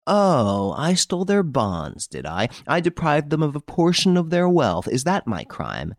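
A man voicing a proud, irritable gentleman thief in an audiobook, given to mocking, indignant outbursts. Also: fairly high pitch, wildly swooping pitch, a little slow, dry recording, clean studio sound, voice pushed up, heavily acted. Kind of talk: audiobook character reading.

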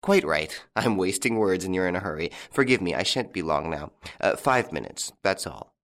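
A man reading the part of a suave, mocking young gentleman thief in an audiobook, with a playful, teasing manner. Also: sits low, animated, normal speed.

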